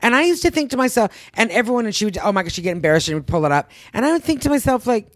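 A woman in casual podcast chat, telling animated stories in a rapid, heated way and swearing freely. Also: fairly high pitch, no room sound, clean studio sound. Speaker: podcast co-host.

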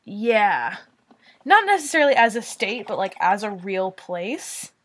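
A woman co-hosting a true-crime podcast, chatting casually, often laughing and tossing in quick agreement. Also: medium pitch, big pitch swings. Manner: quick agreeing interjections, giggly. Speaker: podcast co-host. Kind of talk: casual chat.

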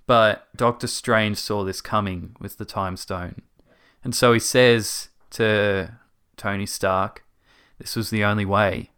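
A man in a casual movie discussion, explaining scenes in a measured, thoughtful way. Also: lowish voice, fairly even intonation, a bit bright, clear, resonant tone.

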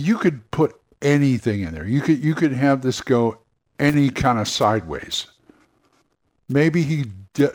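A man's voice: mid-range voice, a little mellow. A man hosting a solo podcast, brainstorming casually and rambling with frequent restarts and asides. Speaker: podcast host.

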